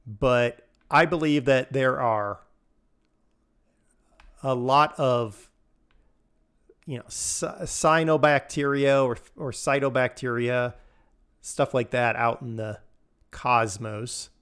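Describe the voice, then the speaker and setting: A man's voice: mid-range voice, fairly even intonation, slow pace, long pauses, fairly bright tone, clear, resonant tone. Male streamer, casual live chat while gaming, rambling and laughing a lot. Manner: rambling, chatty, laughs often, answers chat.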